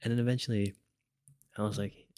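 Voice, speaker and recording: A man's voice: fairly low pitch, level tone, a little fast, mellow, clear, resonant tone, dry recording, studio quality. A young man casually telling a personal story, rambling with lots of fillers and restarts and chuckling now and then.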